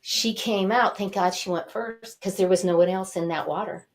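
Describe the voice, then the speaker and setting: An older woman, a talk show guest, telling a personal story in a lively, animated way and acting out what people said. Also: medium pitch, moderate pace. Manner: animated, acts out quotes and cries. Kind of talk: casual storytelling.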